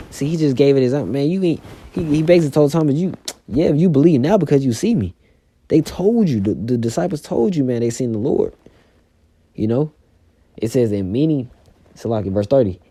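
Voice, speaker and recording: A man's voice: mid-range voice, mellow, no room sound. A man preaching casually and reading scripture aloud, with loose talk full of "you know" and "man".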